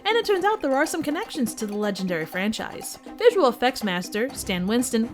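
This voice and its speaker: A woman hosting a movie review channel, reading a scripted review with wry, playful asides. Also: fairly high pitch.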